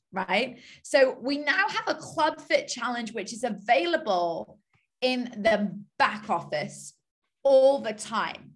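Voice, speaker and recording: Bright upbeat woman hosting a call. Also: on the high side. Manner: upbeat, coaching, repeats key phrases. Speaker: call host. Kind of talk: team call presentation. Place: video call.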